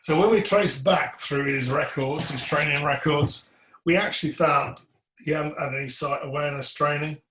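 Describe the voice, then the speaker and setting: A man's voice: on the high side, moderate pace, fairly bright tone. A man presenting a webinar on electrical compliance, earnest and emphatic, putting pointed questions to his audience and cueing slides to a colleague. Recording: roomy echo.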